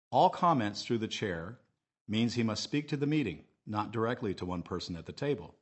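Low, husky-voiced male teacher. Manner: clear, measured, modelling phrases for repetition. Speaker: English teacher narrator. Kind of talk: scripted lesson narration.

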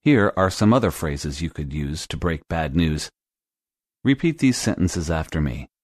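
A man with a very low, deep voice gives a scripted English lesson, speaking clearly and steadily. The recording is dry and close, with no room echo at all. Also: lively intonation, darkish tone. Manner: clear, measured instructional delivery. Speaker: language teacher.

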